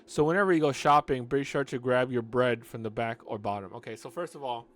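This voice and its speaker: Man, casual book reading, sarcastic asides, mid-pitched voice. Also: fairly quick, a bit bright. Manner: sarcastic asides, frequent restarts. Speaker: audiobook reader and commentator.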